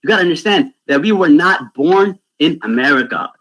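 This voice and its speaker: A lively man talks to children on a video call, pitched a little higher than most men. He tells stories animatedly and keeps checking in with "right?". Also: fairly quick, poor audio. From Pakistan. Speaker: youth speaker. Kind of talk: storytelling talk for children.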